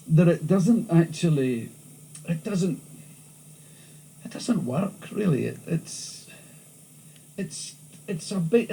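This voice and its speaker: A man with a thick Glasgow accent, talking through an interview in lively stories full of restarts. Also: a little high, creaky, rough recording. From Scotland. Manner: animated storytelling, frequent restarts. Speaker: interviewee, comedian. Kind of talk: candid interview chat. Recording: old VHS tape with faint hiss.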